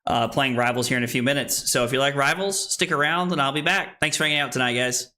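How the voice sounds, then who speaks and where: A man's voice: medium pitch, fast talker, pushed and bright, a little hiss or hum. A tipsy man streaming a card game, chatting boisterously, swearing and laughing at his own jokes. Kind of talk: casual livestream chat while playing a card game.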